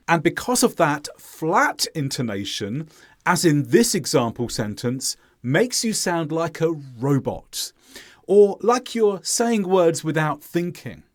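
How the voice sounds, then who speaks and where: A male English teacher explains his lesson in a clear, deliberate way. His voice sits a little above average in pitch and swings up and down with animated intonation.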